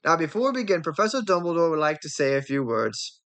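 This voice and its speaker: A woman voicing a strict older female teacher giving brisk instructions in a fan reading of a film script. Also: low voice, big pitch swings, fairly bright tone, heavily acted.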